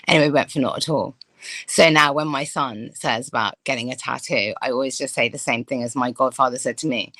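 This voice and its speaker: A woman's voice: rumbling low, brisk, a bit bright, no echo, poor audio. A woman in a casual group discussion, telling chatty anecdotes full of asides.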